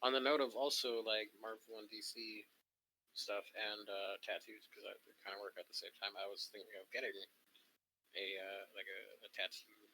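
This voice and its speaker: A man's voice: lowish voice, little pitch movement, moderate pace, sharp tone, low-quality recording. A young man chatting casually as a co-host, rambling with many ums and restarts. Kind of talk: casual chat. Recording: faint background noise.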